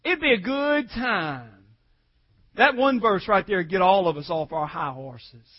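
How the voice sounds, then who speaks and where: A man preaching a sermon, moving between quiet asides and shouted, tearful climaxes and calling on the congregation to repeat lines after him. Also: high-pitched, lively intonation, measured pace, dull audio.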